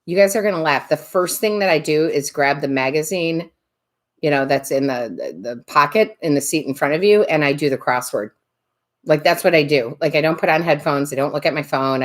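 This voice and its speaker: A woman hosting a live tarot stream, chatting casually, laughing often and greeting viewers by name. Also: low voice.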